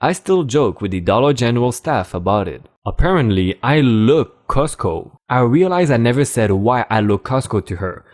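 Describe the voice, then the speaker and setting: A man narrating online stories from a script for his channel, in a lively storytelling manner. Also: medium pitch, brisk, hardly any pauses.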